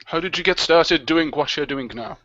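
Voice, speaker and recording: Man, high animated voice, playful questioner, dull lo-fi sound. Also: moderate pace, dry recording. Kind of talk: casual chat. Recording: dull lo-fi live stream audio.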